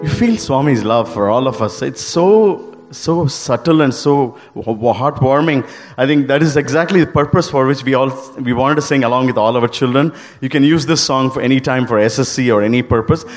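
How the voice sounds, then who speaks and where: A man's voice: medium pitch, long reverb tail, faint music behind. Earnest man giving a devotional talk. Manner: earnest, halting, with frequent restarts. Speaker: devotional speaker leading group singing.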